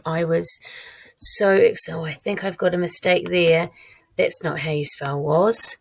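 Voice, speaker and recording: A woman teacher giving a recorded online lesson, modelling her own writing aloud in a clear, encouraging way. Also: on the low side, steady tone, moderate pace. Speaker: primary school teacher.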